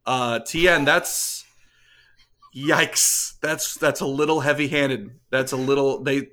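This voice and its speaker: A young man co-hosting a comedy podcast, deadpan, who slows down to read fake messages aloud. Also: mid-range voice. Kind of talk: improvised comedy bit.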